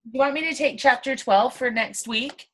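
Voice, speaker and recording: A woman in an online book club, offering to take the next chapter in a quick, casual way. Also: high voice, fairly even intonation.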